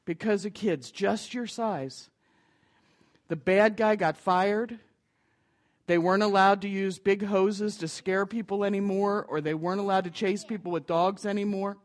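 Slow, gentle minister leading a service. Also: medium pitch, level tone. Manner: slow, gentle storytelling to children. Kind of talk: sermon and worship service.

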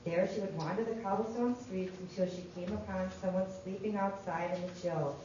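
A woman's voice: mid-range voice, fairly quick, mellow, highs cut off, slight background noise. Woman reading a children's story aloud.

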